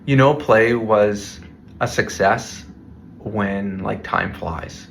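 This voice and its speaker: A man's voice: lowish voice, extremely slow, gravelly, a little hiss or hum. A man co-hosting a casual podcast about childcare, chiming in with brief supportive reactions. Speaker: podcast co-host and childcare worker.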